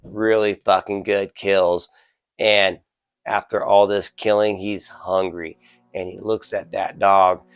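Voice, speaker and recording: A man's voice: deep voice, level tone, slow pace, clean tone. A man casually reviewing a horror film, rambling, swearing constantly, full of "you know" and "uh" fillers. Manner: rambling, heavily profane, filler-laden.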